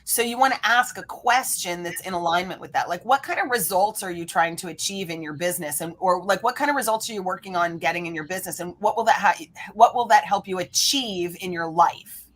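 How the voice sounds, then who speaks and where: Energetic woman guest coach, animated interview delivery. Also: on the low side, brisk. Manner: energetic, lively, acts out quoted people. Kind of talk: animated podcast interview talk.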